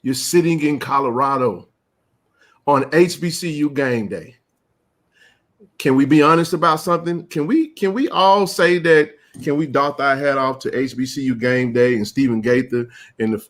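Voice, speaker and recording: A man hosting a live sports chat, ranting with passion and rising to shouts. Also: mid-range voice, moderate pace. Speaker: sports talk show host.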